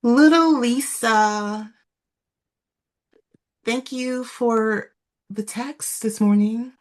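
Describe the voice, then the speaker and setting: A woman's voice: a little high, very slow. Chatty woman podcast co-host. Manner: chatty, laughs often, trails off with fillers. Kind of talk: casual chat.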